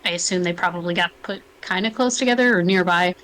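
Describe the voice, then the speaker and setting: A woman's voice: lowish voice, fast, a bit bright, low-quality recording. A woman playing in a tabletop game, speaking casually and matter-of-factly. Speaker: player. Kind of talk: casual in-character play.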